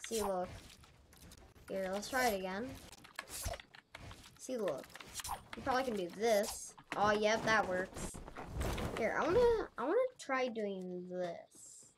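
A woman speaks at a measured pace in an animated, medium-pitched voice as she hosts a relaxed gameplay tutorial for her gaming channel. She rambles, thinks aloud and corrects herself as she goes, and keyboard clicks make the recording noisy.

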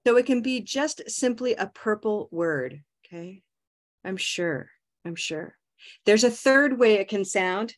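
A woman teaching English pronunciation on a video call, modeling words slowly and repeating them. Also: on the high side, animated. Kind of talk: online pronunciation lesson.

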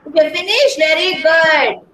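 A woman with an Indian English accent teaching a kindergarten class online, speaking slowly and patiently and spelling words out letter by letter. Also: very high voice, reverberant, heavy background noise. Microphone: video call.

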